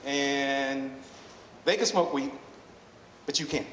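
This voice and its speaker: A man's voice: medium pitch, slow, a bit bright. A man voicing a matter-of-fact male cruise line worker giving a casual warning. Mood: offhand. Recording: echoey hall, faint room noise.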